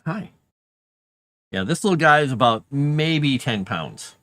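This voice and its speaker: Chatty man with a lively voice. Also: mid-range voice, takes it slowly, no room sound. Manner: chatty, talks softly to his cats. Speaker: writer streaming his work. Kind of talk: casual talk while writing.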